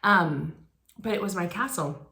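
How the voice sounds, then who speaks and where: A woman's voice: on the low side, a little slow, gravelly, bright, forceful tone. A woman in her forties telling a personal story in a sermon, casual and conversational, with many fillers and restarts. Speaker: guest speaker. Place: church. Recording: echoey church hall.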